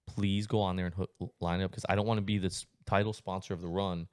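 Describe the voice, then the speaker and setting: A man in his thirties hosting a podcast, telling stories in a casual, animated, swearing style and acting out voices. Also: deep voice, quick pace, smooth, no room sound, studio quality. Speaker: podcast host. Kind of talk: casual chat, storytelling.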